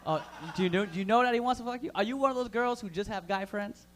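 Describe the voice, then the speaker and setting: A man with a high-pitched voice working the crowd at a live open mic. His stand-up is crude and loud, full of hyped banter thrown straight at the audience. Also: quick pace, a little hiss or hum. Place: live comedy room in a vapor lounge.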